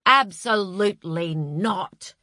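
A woman's voice: mid-range voice, slow, no room sound, studio quality. A woman voicing a pompous, restrained middle-aged husband with a schoolteacher manner, clipped and stiff. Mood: stiff refusal. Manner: clipped and stiff, rising to angry shouting.

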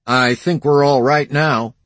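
A man voicing a calm, stubborn young cowboy in an audiobook, answering in short laconic lines. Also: medium pitch, measured pace, no echo, pitched above the performer's own voice, close to an everyday voice. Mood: steady. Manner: laconic, drawling.

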